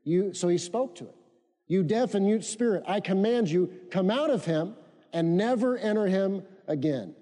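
A man's voice: high voice, lively intonation, normal speed, dark tone. A male pastor preaching a sermon, repeating key phrases for emphasis and leading his congregation in call-and-response. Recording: long reverb of a church hall.

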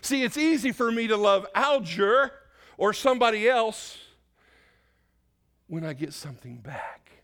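Fumbling, rising-pitched male preacher. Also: animated, unhurried, fairly bright tone. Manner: off-the-cuff, self-correcting, asks the congregation questions. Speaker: pastor. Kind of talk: sermon. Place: church sanctuary.

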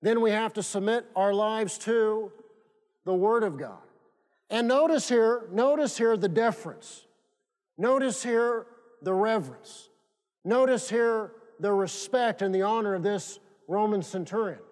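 A pastor delivers a sermon in a high, light male voice, leaning on repetition and drawn-out pauses for emphasis. His words ring out through a church sanctuary with a long, lingering reverb. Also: darkish tone.

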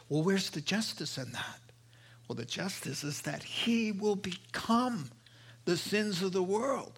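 A man preaches with a bright, forceful voice set a little high. He swells to emphatic, impassioned peaks and then falls to hushed asides. The delivery is a sermon throughout. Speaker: pastor.

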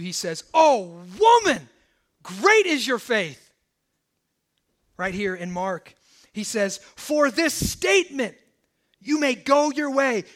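Male pastor with a very high voice, preaching in an animated, chatty way. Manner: lively, conversational preaching with acted-out quotes. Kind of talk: sermon.

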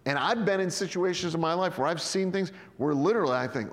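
A man's voice: fairly high pitch, fast talker, hardly any pauses, big-room sound. A man preaching a sermon in a conversational way, acting out the Bible scenes in quoted voices. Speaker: pastor.

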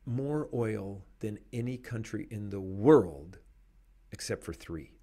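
A man hosting a podcast, speaking in an animated, emphatic way and laughing between points. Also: lowish voice, slow. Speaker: podcast host. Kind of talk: conversational commentary.

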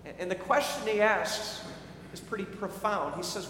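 Earnest pastor guy, highish voice, stumbles on repeats, church hall echo. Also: lively intonation, normal speed, pushed and bright, a little hiss or hum. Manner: earnest, repeats words when starting sentences. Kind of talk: sermon. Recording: echoey hall with faint ambience.

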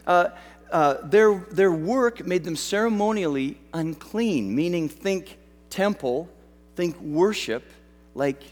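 A man's voice: high voice, expressive, slow pace, long reverb tail, soft background music. A man from Western Canada preaching a sermon, telling a story in a conversational way with self-deprecating humor. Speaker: pastor.

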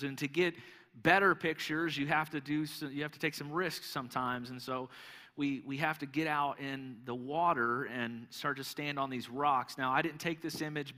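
A young male pastor preaches in a large church hall, his voice bright and ringing with a long echo trailing behind it. He tells his story animatedly, restarting phrases as he goes. His voice sits a little high for a man. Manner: animated storytelling, repeats words when starting a thought. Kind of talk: sermon.

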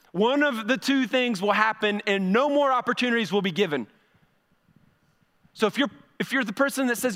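High-voiced pastor preaching in a reverberant hall. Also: male voice, a bit bright. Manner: conversational preaching, repeats words when building a point. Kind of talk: sermon. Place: church sanctuary. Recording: long reverb of a church hall.

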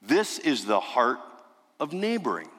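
A man preaching a sermon, telling a story emphatically and dropping to a hush for dramatic effect. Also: mid-range voice, huge pitch swings, a little slow. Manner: dramatic, emphatic storytelling with sudden hushed drops. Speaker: pastor. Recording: long reverb of a large hall.

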